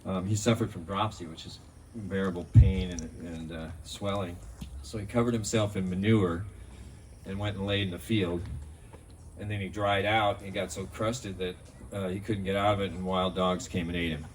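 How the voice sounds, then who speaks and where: A man's voice: low voice, steady tone, normal speed. A man giving a rambling, anecdotal memorial tribute outdoors, full of fillers. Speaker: speaker at a memorial. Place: outdoors in a park. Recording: distant mic outdoors, faint background noise.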